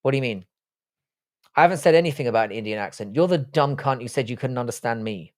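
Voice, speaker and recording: A man in his forties, raised in England, hosting a casual live stream. He banters with his chat in a crude, swearing, joking way. His voice sits at an ordinary pitch and is recorded close and dry, with no room sound. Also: fast talker, no echo. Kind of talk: casual live chat, reading viewer comments.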